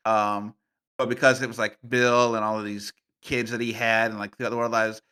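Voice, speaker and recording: Guy on a gaming podcast, kinda low voice but real bright and bouncy, playful storyteller. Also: a little fast, clear, resonant tone. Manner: playful, animated storytelling with frequent fillers. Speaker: podcast guest, game master. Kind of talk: casual podcast conversation.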